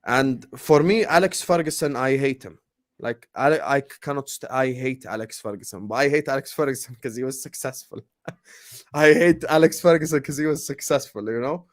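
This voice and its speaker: A young man, ranting in a heated casual podcast chat, repeating his lines and swinging from loud to low. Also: normal speed. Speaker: co-host.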